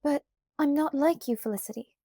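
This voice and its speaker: A woman voicing a timid, gentle young girl who speaks in a soft, hesitant way. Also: a little fast, dry recording, studio quality. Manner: soft, hesitant, slightly high.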